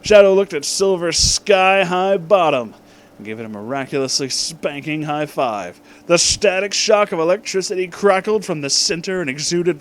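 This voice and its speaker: A man narrating a comedic fan story aloud in a mock-dramatic, deadpan way. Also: fairly high pitch, normal speed. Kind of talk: comedic fan-fiction reading.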